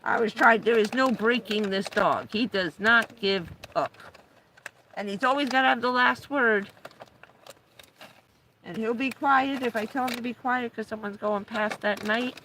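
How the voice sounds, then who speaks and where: A woman's voice: on the high side, unhurried, pushed and bright, slight background noise, low-quality recording. A middle-aged woman chatting casually on a live stream, talking to her dog in a coaxing raised voice and telling stories. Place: parked vehicle on a rainy day.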